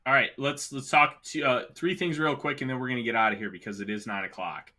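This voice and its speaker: Male sports podcast host with the hiccups, bright and forceful, emphatic and opinionated. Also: mid-range voice, fast. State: has the hiccups. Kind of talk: casual sports talk.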